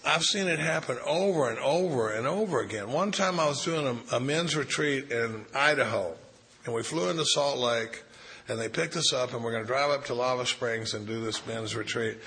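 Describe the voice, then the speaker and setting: Candid man with a bright voice. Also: mid-range voice, normal speed. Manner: candid, anecdotal, self-deprecating. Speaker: recovery speaker and sponsor. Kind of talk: storytelling talk to a recovery group.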